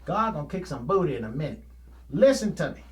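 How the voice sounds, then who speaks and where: A man's voice: on the high side, big pitch swings, fast, darkish tone, pitched below the performer's own voice. A man doing a blunt folksy prophet. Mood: warning. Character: stern old male prophet warning a crowd.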